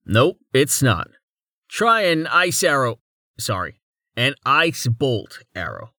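Man reading curious young mage, playful, rambling, lively, dry close mic. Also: mid-range voice, slow, no echo, heavily acted. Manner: rambling, thinking aloud.

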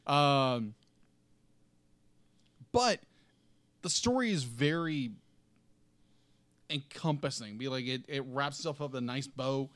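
A man's voice: mid-range voice, slow pace, long pauses, fairly bright tone, dry recording. Eager man gushing in a dry, close recording. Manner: enthusiastic, gushing, searches for words with many restarts. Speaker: movie review co-host. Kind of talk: casual review chat.

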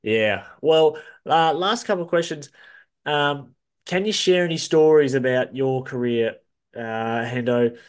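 A man, a podcast host asking relaxed, encouraging interview questions. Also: fairly high pitch, measured pace. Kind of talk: casual interview.

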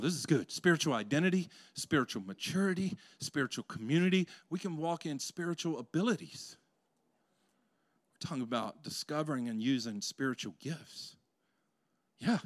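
A male pastor preaching a conversational sermon that swells into loud, passionate peaks. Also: on the high side, no room sound.

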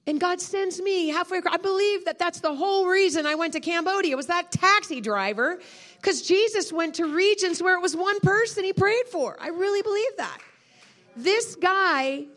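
A woman preaching a sermon, telling a personal testimony with heartfelt emotion. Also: sits high. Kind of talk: storytelling sermon.

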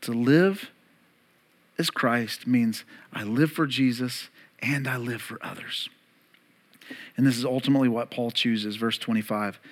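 A man in his thirties preaching a sermon to his church, emphatic, rising loud and high and then dropping soft and low, and calling on the congregation to repeat words. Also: unhurried, long pauses. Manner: emphatic, climbs louder and higher, then drops to soft and low. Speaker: pastor.

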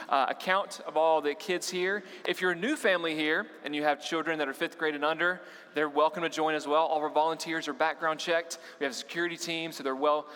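A man's voice: fairly high pitch, sharp tone. A young man preaching to a church congregation in a playful, joking way, often throwing questions to the crowd. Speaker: youth pastor. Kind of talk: humorous sermon to a church congregation. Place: church auditorium. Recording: long reverberant hall.

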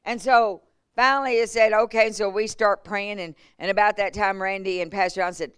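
Her medium-pitched voice is smooth and moderately paced as this woman, a revival preacher, tells healing stories during a church sermon. She laughs along and acts out quotes in an animated testimony, and the studio-quality recording has no echo.

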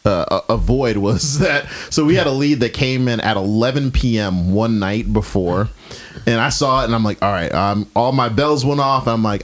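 A man's voice: mid-range voice, a little fast. A man co-hosting a podcast, telling a work story in casual chat and acting out the conversations. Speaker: podcast co-host.

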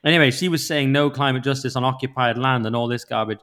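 A man hosting a casual political podcast, brisk and opinionated in his delivery. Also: mid-range voice, fairly bright tone. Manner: brisk, opinionated, quick-fire. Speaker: podcast host.

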